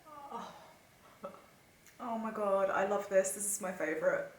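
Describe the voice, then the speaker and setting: A woman's voice: medium pitch, lively intonation, unhurried, reverberant. A young woman, gushing emotionally and chatting casually as she reacts to music for her vlog. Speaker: vlogger.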